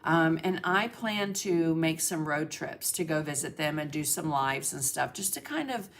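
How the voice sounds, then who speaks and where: A woman's voice: low voice, expressive, moderate pace, gravelly, slight background noise. A middle-aged woman hosting a casual art livestream, chatting and greeting viewers by name with lots of fillers. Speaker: livestream host, art instructor.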